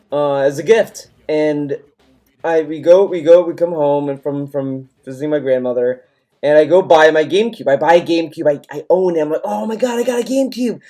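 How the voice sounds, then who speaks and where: High-pitched guy in his 20s rambling on stream, lots of restarts, faint music behind. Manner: rambling, animated, frequent restarts. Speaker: livestream host. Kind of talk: casual storytelling chat.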